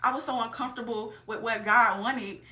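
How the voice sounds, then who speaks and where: A young woman tells her story of faith in loose, casual chat, calling out to her listeners as she goes. Her voice sits a bit high and has a clear, bright edge. The room around her is roomy and echoey. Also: brisk. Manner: animated, talks straight to listeners with "y'all". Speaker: faith podcast co-host.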